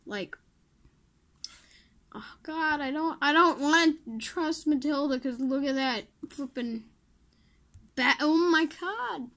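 A woman's voice: high voice, slow pace, pauses often, a bit bright. A woman giving casual commentary while playing a mobile game, pleading with it and mocking herself in muttered asides.

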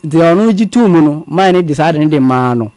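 A man, calmly recounting a personal story as a guest in a conversational interview. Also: a little high, brisk, no echo. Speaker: guest telling his story. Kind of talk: conversational testimony.

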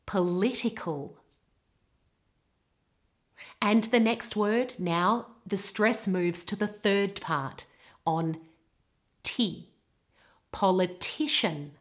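A woman presenting a short pronunciation lesson at a slow, unhurried pace. She sets out each word with care and repeats it for the listener to copy. Her pitch sits in a medium range. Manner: clear, deliberate model pronunciations. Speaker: pronunciation teacher.

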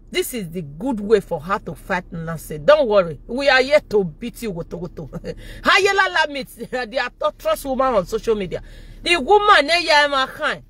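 A woman with a Nigerian accent giving mocking, animated live-stream commentary, often laughing and raising her voice. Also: a little high. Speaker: social media commentator.

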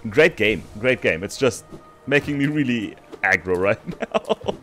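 A frustrated man playing a video game and commenting as he goes. His voice jumps around a lot, from loud swearing to quiet grumbling. Faint music plays underneath. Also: medium pitch, animated, measured pace. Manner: swearing, frustrated, swings between shouting and muttering. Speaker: gaming streamer. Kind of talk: let's play commentary.

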